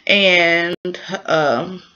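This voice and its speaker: A woman casually recapping a drama episode in a rambling, chatty way, full of fillers and lively exclamations. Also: fairly low pitch, very slow, highs cut off.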